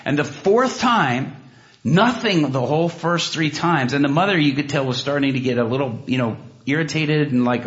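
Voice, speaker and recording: A man preaching and telling a story, animated, with many restarts and asides, jumping into loud, high bursts when he acts out what people said. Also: normal speed. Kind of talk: sermon storytelling. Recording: dull lo-fi sound.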